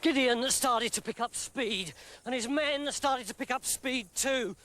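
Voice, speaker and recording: A man telling a comic story in a lively, playful way. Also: extremely high pitch, unhurried.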